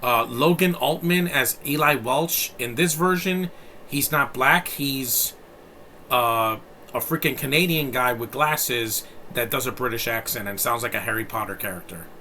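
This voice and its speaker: A man's voice: mid-range voice, measured pace, sharp tone, slight background noise. A man in his thirties from New York City, giving a casual and blunt film review, rambling with plenty of fillers and profanity. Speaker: movie reviewer.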